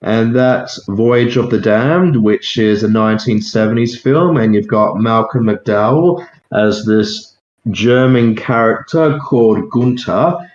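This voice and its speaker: A man co-hosting a casual film-discussion podcast who explains his points deliberately and without hurry. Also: fairly low pitch. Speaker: podcast co-host. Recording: dull, echoey lo-fi sound.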